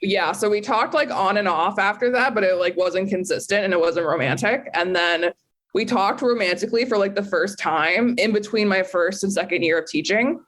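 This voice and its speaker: A woman guest on a podcast telling a personal story in an animated, casual way, swearing freely and laughing at herself. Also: mid-range voice, normal speed.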